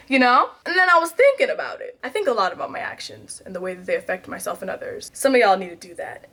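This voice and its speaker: A woman, telling candid stories about herself in a vlog, swinging between loud outbursts and quiet asides. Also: fairly high pitch, sing-song, fast talker. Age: 20s. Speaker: vlogger.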